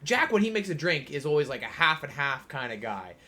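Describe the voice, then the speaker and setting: A man's voice: fairly high pitch, very animated, brisk, pushed and bright. Rambling young man telling a story. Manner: rambling, filler-heavy anecdote telling. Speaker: podcast co-host. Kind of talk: casual storytelling chat.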